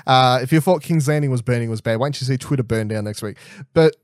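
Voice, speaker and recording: A man's voice: medium pitch, fast talker, dry recording. Rambling guy with a dry close sound. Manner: rambling, animated, swears freely, frequent restarts. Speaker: podcast co-host. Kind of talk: casual chat, TV episode predictions.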